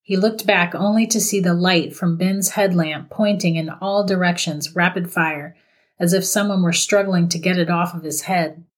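A woman narrating a scripted horror story in a steady, measured reading voice. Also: lowish voice.

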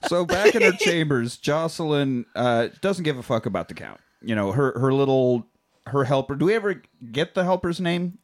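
A man's voice: mid-range voice, normal speed. A man co-hosting a podcast, casually recapping a film and acting out the characters' lines. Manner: animated storyteller, acting out characters' lines with laughter. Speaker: podcast co-host.

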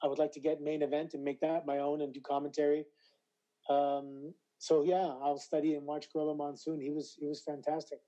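A man being interviewed about his wrestling career, voice slightly hoarse, telling stories animatedly with stammered restarts. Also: on the high side, monotone, brisk, dark tone, highs cut off. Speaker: interview guest, former wrestler. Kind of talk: casual interview chat.

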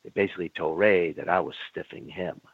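Low and gravelly, slightly rough but steady, this older former pro wrestler recounts old quarrels bluntly as a guest in an interview. Swearing freely, he plays both parties in rapid exchanges. The recording sounds dry, like a phone line.

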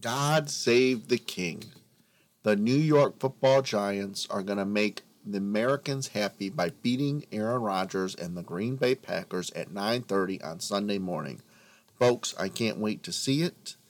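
A man with a lowish voice rants through casual sports talk, addressing his listeners as folks. He swings between grumbling and big theatrical declarations, co-hosting a podcast. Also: normal speed. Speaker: podcast co-host.

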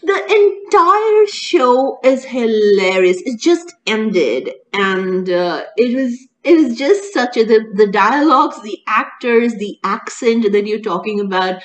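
A woman co-hosting a casual chat, talking in an animated way with many restarts and laughs. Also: mid-range voice, takes it slowly, few pauses, poor audio. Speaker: co-host reviewing a TV serial.

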